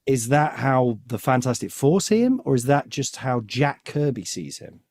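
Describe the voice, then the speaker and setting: A man's voice: medium pitch, big pitch swings, moderate pace, darkish tone. A man hosts a podcast in easy, rambling chat. He jokes as he goes, with a voice sitting in the middle of the male range. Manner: rambling, chatty and joking. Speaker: podcast host. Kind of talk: casual chat.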